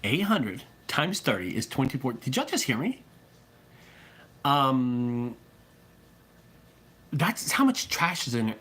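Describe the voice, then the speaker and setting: This is a man who runs a junk removal business, talking straight to his viewers. His pitch swings up and down a lot as he gets worked up, and he swears freely and stumbles over repeated words. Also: a bit bright, a little hiss or hum. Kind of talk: casual profane vlog talk.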